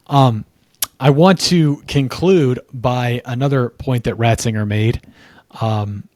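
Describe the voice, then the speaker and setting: A young man co-hosting a faith podcast, speaking in an earnest, measured way with preacherly emphasis. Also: mid-range voice, darkish tone, no echo, clean studio sound. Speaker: podcast co-host. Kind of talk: reflective faith podcast talk.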